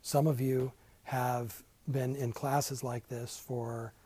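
A man's voice: mid-range voice, little pitch movement, takes it slowly, warm tone, husky, no room sound, rough recording. An older man teaching a casual Bible class in a church classroom, chatty and self-deprecating, with many asides.

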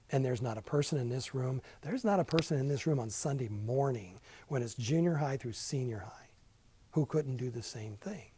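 A man's voice: medium pitch, lively intonation, moderate pace, warm tone, a little hiss or hum, rough recording. An older man teaching a casual Bible class in a church classroom, chatty and self-deprecating, with many asides.

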